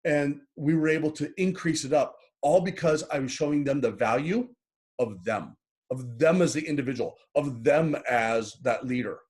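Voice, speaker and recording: A man's voice: mid-range voice, moderate pace, darkish tone. A middle-aged man speaks as an interview guest in an easy, conversational way. He is earnest and open with his feelings, and he often doubles back and repeats words. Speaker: guest, happiness coach. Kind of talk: casual interview talk.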